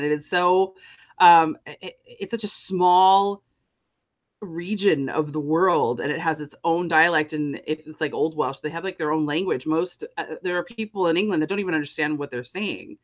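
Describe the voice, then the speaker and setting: A woman's voice: sits low, a little fast. A woman co-hosting a podcast in casual chat, talking in an emphatic, enthusiastic way. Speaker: podcast co-host.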